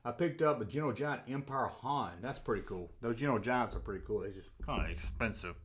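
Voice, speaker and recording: A middle-aged man with a Southern accent chatting casually on a livestream, reading viewer comments in a rambling, jokey way and getting loudly excited. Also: mid-range voice, brisk. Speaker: toy collector channel host.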